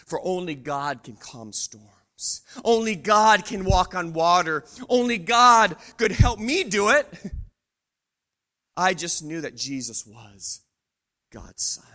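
A man acting out the apostle Peter as a bold, proud fisherman, telling his story in a first-person Bible monologue that swings between hushed awe and loud boasting. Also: sits high, very animated, slow, exaggerated voice. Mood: hushed, awed. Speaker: preacher in character.

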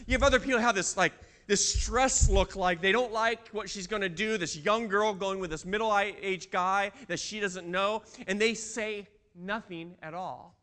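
A man's voice: sits high, moderate pace, bright, forceful tone. A man preaching a sermon in a church, telling a story and asking the congregation questions. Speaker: pastor.

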